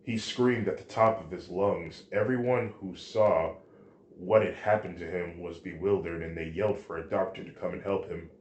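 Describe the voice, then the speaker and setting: A man reading a fan story aloud, halting now and then with restarts. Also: low-pitched, fairly even intonation, darkish tone, slight background noise. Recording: roomy echo.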